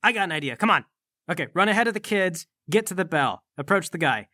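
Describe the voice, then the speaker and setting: Pushy fast-talking guy in a tabletop game, bright voice, swoops up and down, dry sound. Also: high voice, expressive, no echo. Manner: fast-talking, wheedling, stammering. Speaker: player. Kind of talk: tabletop role-play.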